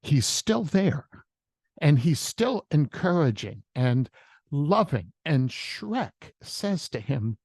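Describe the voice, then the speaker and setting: A man's voice: a little high, very animated, slow, darkish tone, husky, no room sound. A man who is a worship leader, sharing a reflective devotional message with storytelling on a video call.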